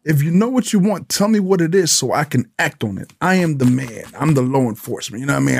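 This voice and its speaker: A man's voice: on the high side, animated, fast, vocal fry, hardly any pauses, slight background noise. A man, a police sergeant from Honduras, talks emphatically in an interview, repeating pointed questions and acting out mock exchanges. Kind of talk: animated interview talk.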